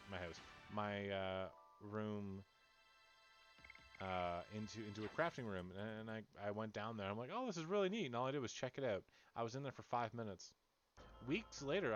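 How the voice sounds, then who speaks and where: Brief: young adult male streamer, lowish voice, jokey and rambling, over loud game music. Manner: rambling, joking, talks to chat. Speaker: let's play streamer. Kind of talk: casual gameplay commentary.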